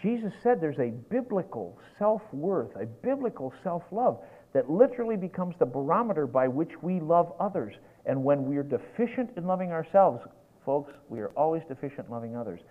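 A man delivering a sermon with a folksy, fired-up manner, his voice sitting a bit high and swinging widely in pitch. The recording is thin and tinny, close to a phone line. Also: normal speed. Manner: animated and folksy, gets worked up. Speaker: preacher.

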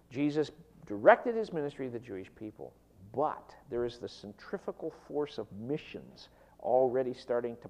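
A man delivering an expository sermon in a slightly raised voice. His pitch swings widely as he teaches. He rushes through asides and slows down to stress key phrases. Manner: animated, emphatic, with quick rushes and slow stressed phrases. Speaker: preacher teaching on a parable.

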